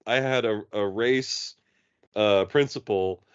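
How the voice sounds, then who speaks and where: A man's voice: fairly low pitch, slow pace, clear, resonant tone, dry recording. Guy on a podcast telling stories, doing goofy voices, dull dry mic. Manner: animated storyteller, puts on mock British and Aussie voices. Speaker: podcast co-host. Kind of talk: casual chat.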